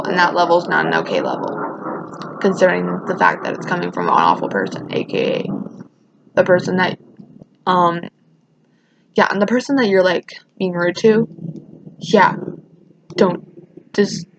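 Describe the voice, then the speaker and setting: A woman's voice: lowish voice, very animated, normal speed, creaky, pauses often, noisy background. A teenage girl telling a casual, rambling storytime rant, often restarting her sentences and sounding emotional. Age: teens. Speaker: vlogger. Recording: dull lo-fi sound.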